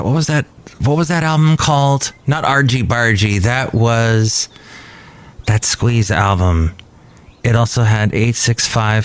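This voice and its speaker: A man in his fifties hosts a casual podcast from a cafe, chatting in a fairly low voice. He rambles, thinks aloud and pokes fun at himself. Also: smooth. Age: 50s. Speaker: podcast host. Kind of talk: casual nostalgic podcast chat.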